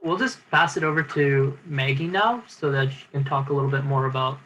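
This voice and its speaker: A man's voice: mid-range voice, a little fast, sharp tone, a little hiss or hum, low-quality recording. A man hosting an online college info session, asking the instructor questions and giving short affirming replies. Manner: brief affirming responses, friendly prompting questions. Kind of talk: interview on a video call.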